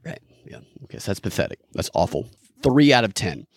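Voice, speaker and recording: A man's voice: lowish voice, sing-song, brisk, vocal fry, slightly rough, dry recording. A man hosting a podcast, mocking the clips he plays and parroting quotes sarcastically. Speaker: podcast host. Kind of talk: commentary over played clips.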